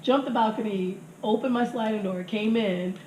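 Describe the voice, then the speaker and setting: A woman's voice: on the high side, moderate pace. Laughing foul-mouthed woman telling stories. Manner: crude, laughing, animated storytelling with acted quotes. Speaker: podcast guest telling stories. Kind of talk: casual storytelling chat. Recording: echoey room with faint noise.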